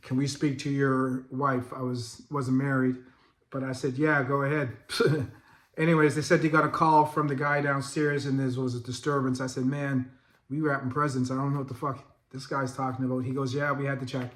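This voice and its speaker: A middle-aged man hosting a vlog, telling a story in a loose, profane, animated way and laughing as he goes. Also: mid-range voice, fairly quick. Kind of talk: casual storytelling. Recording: echoey room.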